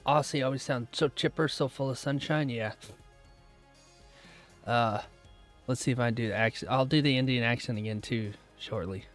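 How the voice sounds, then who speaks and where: A man's voice: medium pitch, normal speed, pauses often, faint music behind. Casual man chatting on a live stream. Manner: chatty, reads and answers viewer chat aloud; relaxed, laughs often, trails off mid-thought. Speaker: day-trading livestreamer.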